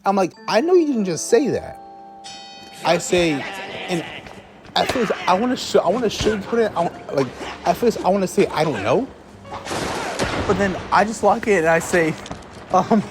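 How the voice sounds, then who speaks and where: Animated young man ranting over music. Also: high voice, normal speed, pauses often. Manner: exasperated, swearing, laughing, many restarts. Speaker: vlogger. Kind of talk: casual storytelling rant.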